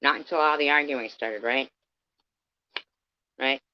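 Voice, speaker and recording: On dull lo-fi stream audio, a woman with a rumbling low voice rants angrily and profanely at a measured pace. She is heated and confrontational, speaking straight to her critics.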